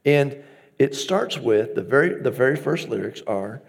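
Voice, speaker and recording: A man's voice: mid-range voice, animated, normal speed, vocal fry, slightly rough. A man preaching a conversational, storytelling sermon as pastor, acting out his own inner dialogue.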